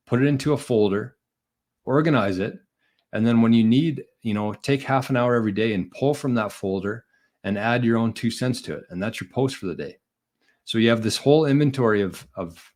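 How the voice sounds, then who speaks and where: A man's voice: medium pitch, darkish tone. A man hosting a podcast on his own, giving casual, encouraging advice in a rambling, conversational way. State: out of breath. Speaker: podcast host. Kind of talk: casual solo livestream advice.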